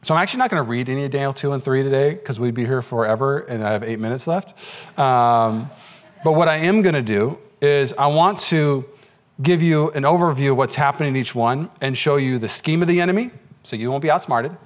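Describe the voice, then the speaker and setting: A male pastor preaching a sermon, telling stories in an animated way and acting out the voices of the people in them. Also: a little fast. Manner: animated storytelling, acts out voices in high pitch.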